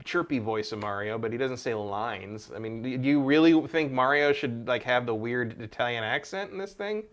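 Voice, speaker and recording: A man's voice: medium pitch, lively intonation, moderate pace, a bit bright. A man co-hosting a gaming podcast, chatting casually in a rambling, opinionated way. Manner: rambling, with many fillers and restarts, opinionated. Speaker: podcast co-host. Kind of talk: casual chat.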